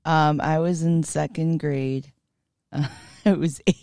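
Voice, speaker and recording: A woman's voice: low voice, slow, gravelly, dry recording, studio quality. A woman chatting casually on a podcast, telling a story with frequent laughter and acted-out quotes. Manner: animated storyteller who laughs often and acts out quotes. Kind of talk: casual chat.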